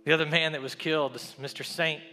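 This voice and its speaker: A man preaching a sermon, telling a story and building to a loud, repeated call with rising refrains. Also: a little high, fairly even intonation, quick pace, faint music behind.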